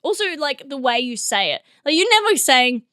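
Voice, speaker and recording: A woman's voice: high voice, big pitch swings, moderate pace, sharp tone, dry recording, studio quality. A woman hosting a solo comedy podcast, rambling and giggling as she mocks herself. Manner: rambling, giggly, self-mocking. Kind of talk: solo comedic review monologue.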